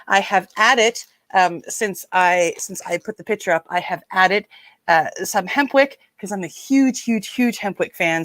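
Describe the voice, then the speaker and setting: A woman's voice: mid-range voice, fairly bright tone. A woman from Nova Scotia, hosting a casual live stream, chatty and rambling as she greets viewers by name. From Nova Scotia, Canada. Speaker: livestream host.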